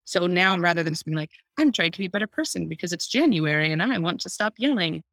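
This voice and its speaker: Bright-voiced woman, dry close mic. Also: fairly low pitch, fast, no room sound. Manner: animated, laughs often, acts out her own inner dialogue. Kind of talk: casual conversational podcast talk.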